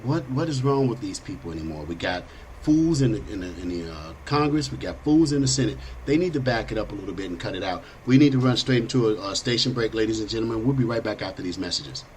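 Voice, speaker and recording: A middle-aged man with a lowish voice hosts a political talk show. He talks bluntly and rambles in a loose, conversational way. There is a faint hiss of noise behind him. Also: expressive, fast, darkish tone, poor audio. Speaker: host.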